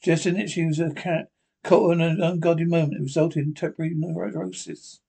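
A man playing a calm, steady family doctor who soothes and reassures in a 1930s radio drama. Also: on the high side, a little fast, gravelly, slightly rough. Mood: firm.

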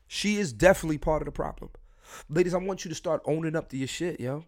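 A young man hosting a solo podcast, blunt and swearing freely, his voice swinging between loud and quiet. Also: a little high, fast. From Philadelphia. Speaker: podcast host.

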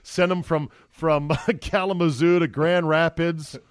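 A man's voice: fairly high pitch, a little slow, clear, resonant tone, no echo, clean studio sound. A man hosting a podcast, riffing and joking in casual radio banter. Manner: animated, jokey, riffing. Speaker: podcast host.

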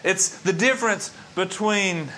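A man's voice: high voice, a little slow, bright, forceful tone, slight background noise. A man preaching a sermon as pastor, with an emphatic, repetitive cadence.

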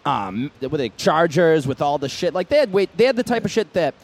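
A man's voice: on the high side, sing-song, brisk. A man with a Boston accent co-hosting a podcast, telling combative, profane stories. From Massachusetts. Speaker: podcast co-host. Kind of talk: casual podcast banter.

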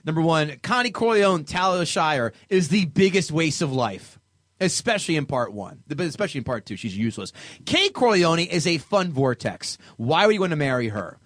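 Man, podcast co-host, mock-dramatic reading, lively pitch, dry close sound. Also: normal speed, dry recording. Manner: reads reviews aloud with mock dramatic emphasis. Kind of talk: comedic podcast chat.

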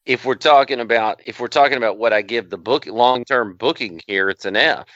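A man's voice: medium pitch, a little fast, fairly bright tone, no echo, dull audio. A man co-hosting a casual podcast, teasing and joking with the others and swearing freely. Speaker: podcast co-host.

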